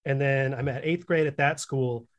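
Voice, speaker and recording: A man's voice: mid-range voice, steady tone, normal speed. A young man co-hosting a podcast, telling a long story in casual chat, rambling and correcting himself as he goes. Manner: rambling, swears, self-corrects. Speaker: podcast co-host.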